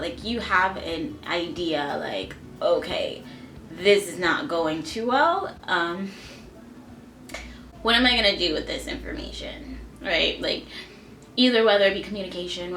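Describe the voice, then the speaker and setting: A young woman in her twenties telling a personal story to camera, shaky and close to tears, halting with many fillers. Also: mid-range voice, fairly bright tone, roomy sound. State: on the verge of tears. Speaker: vlogger. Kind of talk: emotional storytime vlog. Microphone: camera mic at close range.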